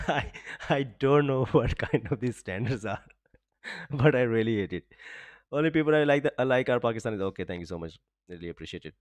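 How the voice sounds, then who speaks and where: A man hosting a live forex trading stream, talking through charts in a casual way, leaning on the filler "just, like" and breaking into excited exclamations. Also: mid-range voice, moderate pace, pauses often, no echo. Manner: peppers speech with "just, like", frequent excited exclamations. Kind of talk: live-stream market commentary.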